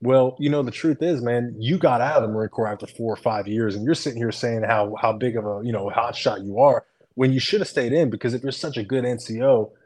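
A man co-hosting a podcast in casual chat, his pitch sitting right in the middle for a man. He talks in an animated, rambling way, full of fillers and frank swearing. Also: brisk. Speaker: podcast co-host.

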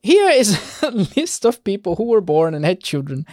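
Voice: medium pitch, sing-song, normal speed, a little mellow, no room sound, clean studio sound. A Bible teacher giving a casual Bible study, reading scripture aloud and adding light-hearted, conversational commentary with frequent restarts.

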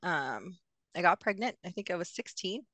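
A woman's voice: lowish voice, expressive, normal speed, fairly bright tone, no echo. Young woman guest, hesitant storyteller, dry close sound. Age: young adult. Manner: hesitant, many fillers and restarts. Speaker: podcast guest. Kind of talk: personal story in an interview.

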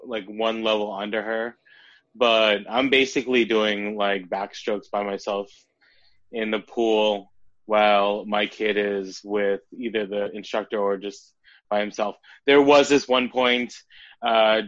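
A man in his thirties chats casually as a podcast co-host, with a somewhat low voice that jumps up when he tells a story. The sound is dry and a little dull, as if from a lo-fi recording. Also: dry recording. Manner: animated storyteller, quick bursts, laughs often. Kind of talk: casual chat.

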